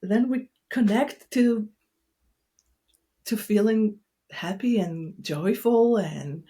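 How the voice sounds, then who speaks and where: A woman therapist speaking in a gentle, soothing, unhurried way during a reflective conversation. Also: medium pitch.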